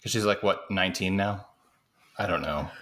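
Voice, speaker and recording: A man's voice: low-pitched, normal speed, a bit bright. A man from the US Pacific Northwest co-hosting a casual movie podcast, tossing in wry jokes and short reactions. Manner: wry, joking interjections. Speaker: podcast co-host. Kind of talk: casual movie recap chat.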